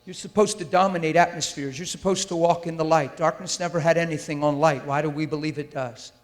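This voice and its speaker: A fairly high-pitched man preaches quickly with fairly even intonation. Into a handheld or stand mic in a large church hall, he's intense and emphatic, posing rhetorical questions about whether listeners follow him, and the hall's reverb lingers long.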